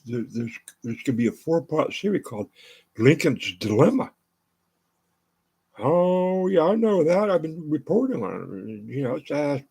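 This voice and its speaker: An older man from the United States rambles on his own show, stacking up fillers and false starts as he goes. His voice is gravelly and husky, with a pitch that swings up and down a lot. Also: darkish tone. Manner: rambling, full of "you know" fillers and restarts. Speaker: show host. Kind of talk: rambling monologue.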